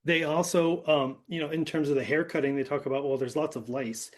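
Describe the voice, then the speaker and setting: A man's voice: on the high side, fairly even intonation, fairly quick. A man hosting a podcast, recapping a film in a loose, rambling way with lots of fillers. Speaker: podcast host. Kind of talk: casual movie discussion.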